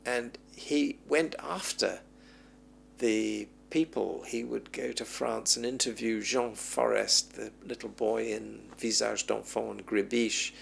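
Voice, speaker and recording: A man's voice: on the low side, takes it slowly, creaky, a little hiss or hum. A man being interviewed as a film historian, reminiscing at length and acting out the voices of people he quotes. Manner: animated storyteller who acts out quoted voices.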